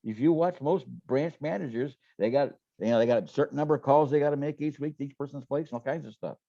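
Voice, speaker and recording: A man's voice: on the high side, fast, mellow, dry recording, lo-fi sound. A man telling business stories in a folksy, casual way, often repeating words and acting out what people said. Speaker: guest. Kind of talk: casual storytelling interview.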